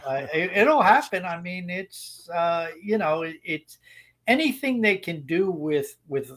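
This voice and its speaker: A man with a fairly high voice talks on a podcast, rambling with frequent restarts. He gives blunt opinions in a relaxed, conversational way. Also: unhurried. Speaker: podcast co-host. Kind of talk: casual opinionated chat.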